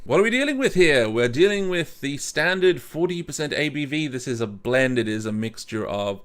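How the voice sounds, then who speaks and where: A man's voice: medium pitch, expressive, normal speed, a bit bright. Rambling, self-mocking man reviewing whisky. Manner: many restarts and stumbles. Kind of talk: casual whisky review vlog.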